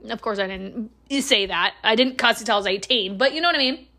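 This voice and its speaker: A woman talks through a personal story in an unscripted podcast monologue, with a voice that sits a little high. She rambles, restarts and swears freely, often laughing between lines. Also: quick pace, sharp tone.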